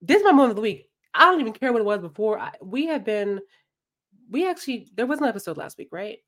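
A young adult woman co-hosting a casual podcast, telling a work story in an animated way and acting out what people said. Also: fairly high pitch, quick pace. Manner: animated storytelling with voiced-out quotes. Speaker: podcast co-host. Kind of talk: casual chat.

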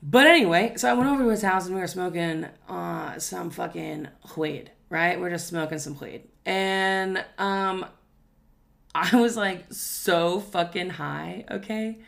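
A woman's voice: lowish voice, measured pace, creaky. A young woman, a podcast co-host telling stories in casual chat, loose and profane, often laughing.

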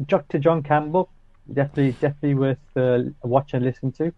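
A man's voice: mid-range voice, steady tone, fast talker, no echo. A man chatting casually as co-host, trading dry joking asides. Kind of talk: casual chat. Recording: dull dry sound.

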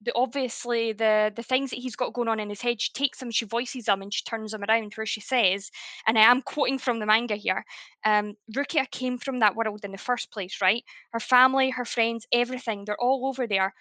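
A woman's voice: a little high, steady tone, fairly quick, pushed and bright, no echo. A woman co-hosting a podcast, ranting animatedly and swearing freely in casual chat. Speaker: podcast co-host.

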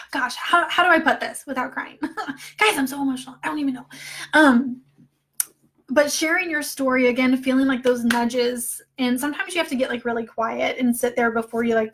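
Woman, online coach, casual training talk; chatty, emotional, fillers throughout, voice a touch high.

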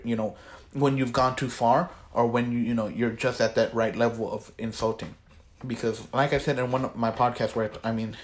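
A teenage boy co-hosting a podcast, chatting casually, swearing a lot and getting worked up as he rambles. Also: mid-range voice. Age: teens. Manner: profane, rambling, gets worked up. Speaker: podcast co-host. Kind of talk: casual chat.

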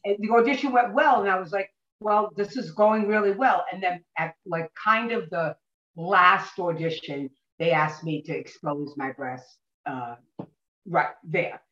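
A woman actress, a podcast guest, telling stories in an animated way and acting out what people said. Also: on the low side, measured pace. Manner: animated, acts out quoted voices. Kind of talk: anecdotal podcast storytelling. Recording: dull, roomy recording.

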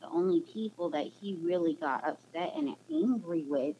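Female co-host, faith chat, low gravelly voice, dull line. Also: very animated, normal speed. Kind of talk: casual faith discussion. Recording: dull muffled line with faint noise.

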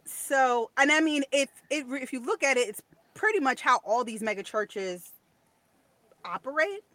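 A woman's voice: high voice, animated, moderate pace, a bit bright, dry recording. A woman co-hosting a podcast, chatting casually and sharing opinions in a storytelling way. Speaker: podcast co-host. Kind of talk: casual chat.

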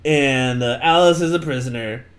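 A man's voice: medium pitch, normal speed, fairly bright tone. A young man co-hosting a podcast who retells a book in a rambling, jokey way and often corrects himself. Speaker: podcast co-host. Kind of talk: casual book recap chat.

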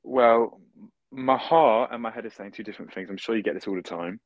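A man's voice: lowish voice, brisk, dry recording. Male guest, bantering and joking, dry, dull audio. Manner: jokey, banters. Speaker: guest, football fan. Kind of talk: casual chat.

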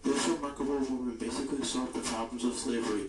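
A man's voice: mid-range voice, steady tone, fast, crowd noise. A man announcing a countdown list in a mock-serious tone in a short video clip. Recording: roomy, distant, noisy phone video.

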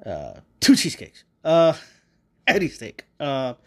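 A man's voice: on the high side, huge pitch swings, slow pace. A man hosting a podcast, talking in a casual rambling monologue with lots of fillers, restarts and swearing. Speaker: podcast host.

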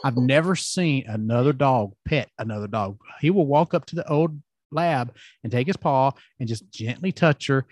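A man's voice: medium pitch, moderate pace, dry recording, clean studio sound. A middle-aged man hosting a podcast, telling rambling stories in a casual chat and laughing often. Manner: rambling, chatty storytelling with frequent laughs. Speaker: podcast host. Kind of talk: casual conversation.

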